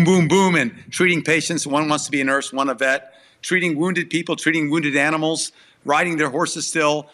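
A man's voice: fairly high pitch, fairly bright tone. A middle-aged man sharing a personal testimony as an interview guest, earnest and emphatic, his voice tearful and breaking with emotion.

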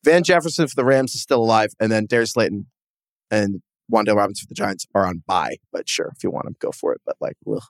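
A man co-hosting a sports podcast in casual chat, animated and chatty and quick to laugh at himself. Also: fairly low pitch, no room sound, studio quality. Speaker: podcast co-host.

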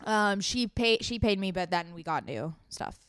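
A woman's voice: medium pitch, normal speed, smooth, no room sound, clean studio sound. A young woman co-hosting a podcast in casual chat, telling stories with lots of laughs and casual swearing. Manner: animated storyteller, laughs often, swears casually. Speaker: podcast co-host.

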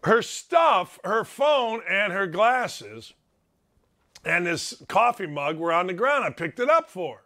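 A middle-aged man hosting a sports talk show, telling a story in an excitable, self-mocking way with loud exclamations. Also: sits high, slow pace. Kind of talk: animated storytelling monologue.

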